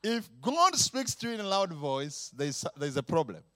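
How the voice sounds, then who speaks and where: Male preacher, middle-aged, high voice, swooping wildly in pitch, dry close sound, playful sermon. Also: no echo. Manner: animated, mimics sounds, laughs often, drawn-out repetitions. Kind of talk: lively sermon.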